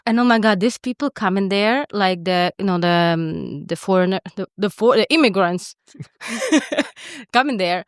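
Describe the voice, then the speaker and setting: A woman's voice: medium pitch, lively intonation, normal speed, no room sound, clean studio sound. A woman co-hosting a podcast in casual chat, candid and profane, with lots of filler words. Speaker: podcast co-host.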